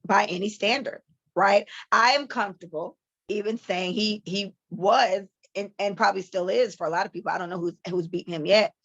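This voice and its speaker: Woman, 30s, podcast host, blunt and profane, casual commentary, gravelly voice, dry muffled mic. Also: mid-range voice, moderate pace, no echo. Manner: blunt, profane, animated storytelling.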